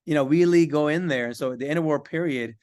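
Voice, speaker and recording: A man's voice: a little high, fast talker, a little mellow, smooth. A man on a panel talking with enthusiasm, stacking up one example after another. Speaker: curriculum panelist. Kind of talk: panel discussion.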